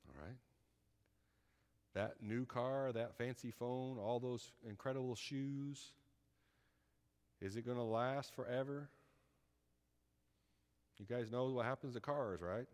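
A man delivers a sermon in a relaxed, folksy manner, talking with his congregation more than at them. His voice sits at a middle pitch. A long hall reverb trails his words. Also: slow, long pauses. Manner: folksy, conversational, asks the congregation "right?". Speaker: preacher.

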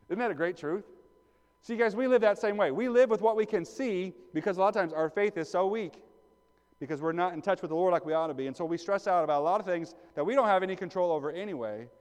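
A male pastor preaches in a casual, conversational way and keeps asking the congregation questions. His voice sits at an ordinary pitch and rings with a long reverb through the church. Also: fast talker, a little mellow, clear, resonant tone. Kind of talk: sermon. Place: church sanctuary.

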